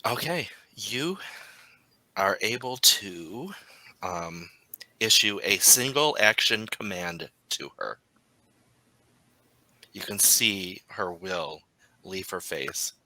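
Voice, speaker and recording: A man narrates a tabletop role-playing game as its storyteller. He talks very slowly, pausing on ums, with a strikingly bright, forceful tone sitting a little low in pitch. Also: expressive, dry recording, low-quality recording. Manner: unhurried, halting narration with frequent ums.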